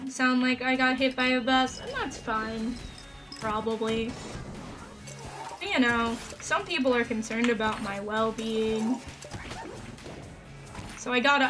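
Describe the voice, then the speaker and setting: Woman, game streamer, high voice, sarcastic, rambling, a bit tired, game music behind. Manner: sarcastic, rambling, chatty with viewers. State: tired, a little worn out. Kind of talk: casual gameplay commentary. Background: background game music.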